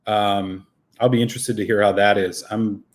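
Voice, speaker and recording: A man's voice: lowish voice, steady tone, moderate pace. A man hosting a live whisky stream, chatting casually and greeting viewers by name, a little out of breath after a run.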